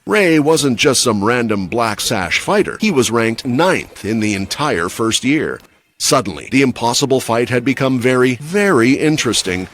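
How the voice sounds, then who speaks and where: A man's voice: mid-range voice, sing-song, moderate pace, a bit bright. A man giving scripted, dramatic story narration for a comic recap.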